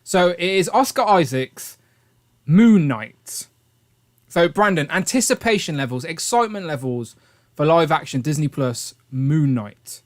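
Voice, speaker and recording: A man's voice: on the high side, lively intonation. A man hosting a casual live-stream chat, talkative and joking. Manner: chatty, quick, joking. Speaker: host.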